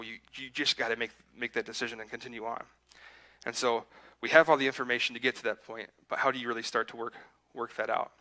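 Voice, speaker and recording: A man's voice: mid-range voice, sharp tone, low-quality recording. A man preaching a sermon in a church, telling a personal story in a conversational, self-deprecating way and acting out his own inner voice. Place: church sanctuary.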